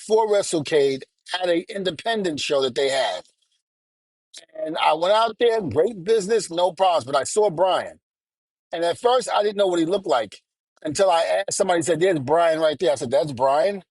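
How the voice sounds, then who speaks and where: A middle-aged man rants his way through a story, blunt and cursing as he plays out each exchange. His voice sits a little high for a man. The sound is dry and close. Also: expressive, normal speed, a little mellow, no room sound. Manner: angry, blunt, curses, quotes people. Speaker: podcast co-host. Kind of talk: heated storytelling rant.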